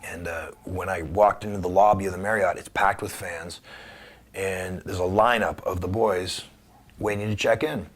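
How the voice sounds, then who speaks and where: A middle-aged former wrestler tells stories in an interview, acting out the dialogue with energy. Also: male voice, low-pitched. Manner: animated storyteller, acts out dialogue; subdued and halting on somber memories. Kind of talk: conversational storytelling.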